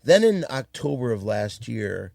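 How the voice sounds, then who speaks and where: A man's voice: mid-range voice, very animated, unhurried, vocal fry, darkish tone, dry recording, clean studio sound. A man hosting a comedy podcast, blunt and steering the conversation. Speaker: podcast host.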